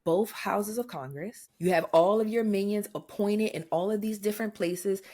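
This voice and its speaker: A young adult woman co-hosting a podcast, talking in blunt, profane, animated rants in casual chat. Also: mid-range voice, normal speed. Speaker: podcast co-host.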